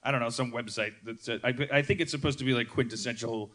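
A man's voice: medium pitch, fairly even intonation, fast, fairly bright tone. A man hosting a comedy podcast, chatting in a rambling way with frequent laughs and restarts. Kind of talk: casual comedic chat.

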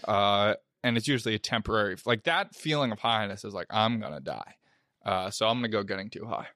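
A young man with a lowish voice rambles through a personal story on a podcast, leaning on fillers as he goes. The sound is dry and close, with no room around it. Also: quick pace, sharp tone, no room sound. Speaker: podcast co-host. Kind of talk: casual chat.

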